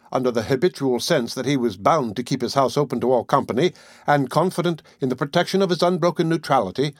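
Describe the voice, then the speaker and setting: A man reading a classic novel aloud as an audiobook narrator, measured and deliberate. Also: medium pitch, dry recording, clean studio sound.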